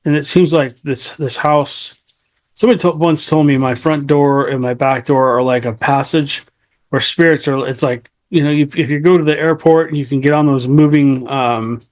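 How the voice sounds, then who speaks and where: A man's voice: a little high, steady tone, normal speed. A man hosting a casual interview podcast, laid-back, giving short encouraging replies. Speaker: podcast host.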